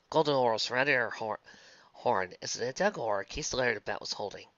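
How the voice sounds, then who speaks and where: A woman narrating a fan-written story in a lively, quick storytelling manner. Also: very deep voice, no echo, muffled recording. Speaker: fan fiction reader.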